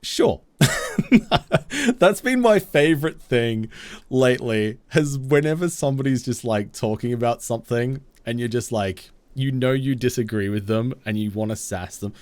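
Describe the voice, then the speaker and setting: Goofy, slow-talking male game streamer. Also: medium pitch, lively intonation, darkish tone, dry recording. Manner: goofy and self-mocking, laughs often. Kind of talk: casual live-stream chat with viewers.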